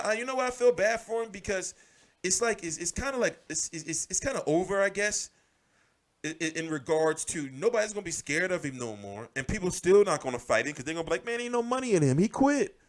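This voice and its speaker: A man riffs on boxing in a loose, profane rant, repeating his points for emphasis. His voice sits a little high and swings widely up and down as he gets worked up. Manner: animated, profane, repeats himself. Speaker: boxing commentary host. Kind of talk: casual ranting commentary.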